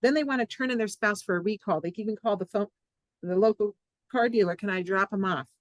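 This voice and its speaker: A woman psychologist and author, a guest on a podcast interview, telling jokes and reading from her own book in a playful, animated way. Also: mid-range voice, fast talker, no room sound, rough recording.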